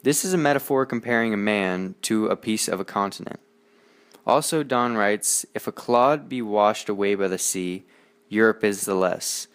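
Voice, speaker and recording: A man's voice: lowish voice, smooth. Teen boy reading a school essay. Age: teens. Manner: steady, earnest reading with small slips. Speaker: student presenter. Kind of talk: reading a school poetry explication.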